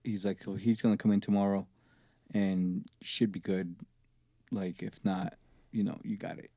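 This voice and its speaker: A man's voice: fairly low pitch, normal speed, dry recording. A man, a recording engineer, telling casual profane stories as a podcast guest. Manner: profane, animated anecdotes with laughs. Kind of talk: casual storytelling.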